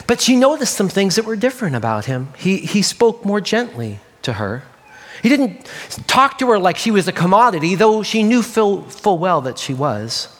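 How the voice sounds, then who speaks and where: A man telling a children's story as a sermon, animated and playful, adding sound effects. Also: sits high, normal speed, long reverb tail.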